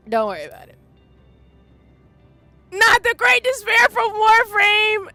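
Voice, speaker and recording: A woman's voice: very high-pitched, big pitch swings, slow pace, long pauses, bright, forceful tone, dry recording, faint music behind. A woman in her thirties streaming a game live, tearful, emotional and goofy as she talks through it. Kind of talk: live gameplay commentary.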